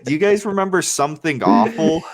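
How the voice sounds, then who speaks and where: A man co-hosting a casual movie podcast, telling stories in an animated way with frequent swearing. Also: on the high side, a little fast, crowd noise. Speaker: podcast co-host.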